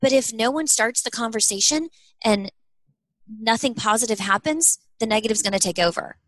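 Earnest animated woman, dry sound. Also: on the high side, normal speed, dry recording. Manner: earnest and animated, acts out quoted dialogue. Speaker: guest, small clothing business owner. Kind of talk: conversational interview answers.

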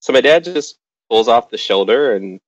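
A man's voice: mid-range voice, moderate pace, no room sound. A middle-aged man telling a personal anecdote to an audience, acting out the voices of the people in it. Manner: lively, acts out other people's lines. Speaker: storyteller. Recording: dull lo-fi recording.

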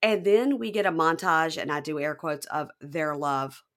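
A woman's voice: low-pitched, moderate pace. A woman podcast host recapping a reality show in casual chat, acting out quotes. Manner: animated retelling, acting out quotes.

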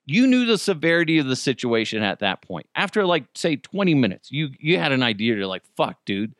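A man hosting a solo commentary show, ranting with heavy swearing and swinging between loud outbursts and low muttered asides. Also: big pitch swings, brisk, no room sound, clean studio sound. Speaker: show host.

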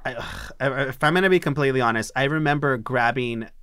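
A man's voice: mid-range voice, fast talker, clear, resonant tone, dry recording. Candid, profane man in a dry room. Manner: candid, profane, animated retelling. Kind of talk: personal storytelling.

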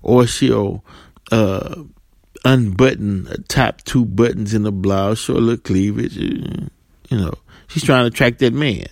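A man's voice: lowish voice, measured pace, creaky, a little mellow, no echo. A man talking casually to camera, making points with rhetorical "right?" and acting out little scenes, with some fillers and repeated words. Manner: storytelling, playing out dialogue in different voices. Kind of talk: casual monologue with acted-out scenes.

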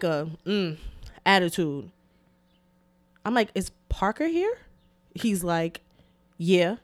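A young adult woman telling a story in a casual podcast chat, animated, emphatic and full of profanity. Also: a little high. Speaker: podcast co-host.

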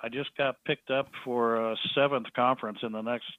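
An interview guest rambles through a story, acting out what the people in it said. His voice is medium-pitched and steady, at a moderate pace. It comes over a tinny phone line with no room sound.

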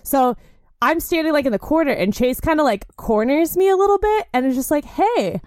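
Chatty, profane young woman, higher voice. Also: fairly quick, dry recording, clean studio sound. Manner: chatty, profane, heavy use of "like", animated when quoting herself. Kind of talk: casual storytelling chat.

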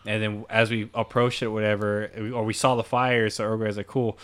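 Low-voiced, fast-talking man. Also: little pitch movement, a bit bright, clear, resonant tone. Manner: fast, crude and joking. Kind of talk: casual podcast banter.

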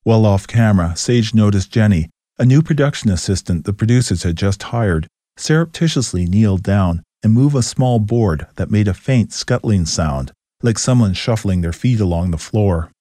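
A man narrating a ghost story in a steady, measured way. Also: fairly low pitch, dry recording, studio quality.

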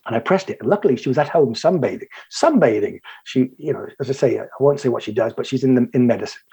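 Very husky man telling a story. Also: mid-range voice, lively intonation, dark tone, lo-fi sound. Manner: halting, repeats phrases for emphasis. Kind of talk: personal storytelling.

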